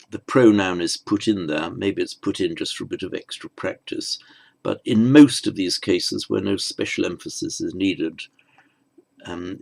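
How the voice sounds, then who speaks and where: Gravelly low-voiced man teaching grammar. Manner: measured, explanatory, with frequent restarts. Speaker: language teacher. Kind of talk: recorded grammar lesson.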